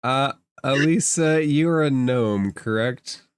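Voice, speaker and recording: A man narrating a tabletop game as game master, slow and deliberate. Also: mid-range voice, clean tone, no echo, studio quality.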